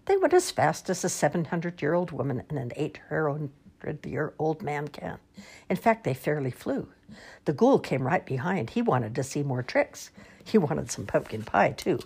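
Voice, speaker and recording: A woman reading children's picture books aloud in an expressive, sing-song storytelling manner. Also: low-pitched, slightly rough.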